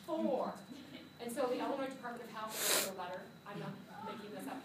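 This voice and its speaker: A woman microbiology teacher telling a funny story to her class, animated and laughing as she acts out what people said. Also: on the high side, fast, very noisy. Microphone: phone camera from a student's seat. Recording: echoey classroom filmed from far off.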